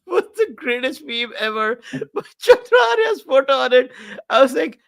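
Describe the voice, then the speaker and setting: A podcast co-host who speaks slowly and keeps breaking into giggles. His voice is high and bright, and its pitch swings up and down a lot in easy, casual chat. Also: big pitch swings. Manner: giggly, laughs through his words.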